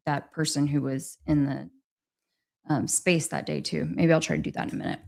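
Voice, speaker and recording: A woman hosting a casual livestream, talking with the chat in a rambling, hesitant way, with many restarts. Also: fairly low pitch. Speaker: livestream host reading chat.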